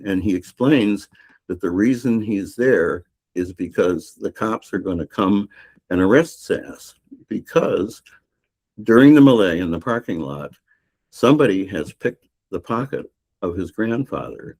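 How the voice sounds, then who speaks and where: Very deep older man retelling a story. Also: expressive, unhurried, darkish tone, slightly rough. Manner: rambling storyteller with many restarts and fillers. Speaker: novelist guest. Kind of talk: retelling a novel's plot in a podcast interview.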